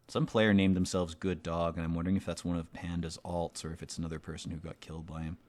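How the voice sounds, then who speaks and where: A man's voice: low-pitched, little pitch movement, fast talker, few pauses, a little mellow. A man giving rambling, profane, sardonic commentary while playing a video game. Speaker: let's play commentator. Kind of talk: casual gameplay commentary.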